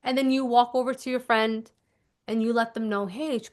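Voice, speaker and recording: Woman, manifestation coach, a touch high-pitched, casual and emphatic, repeats her key instructions. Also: a little fast. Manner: animated, acts out little scenes. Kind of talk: casual teaching monologue.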